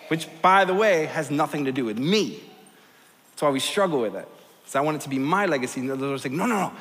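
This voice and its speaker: Animated pastor preaching in a reverberant hall. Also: male voice, fairly high pitch, fast talker. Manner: animated, storytelling with swings from soft to loud. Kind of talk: sermon. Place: large church hall.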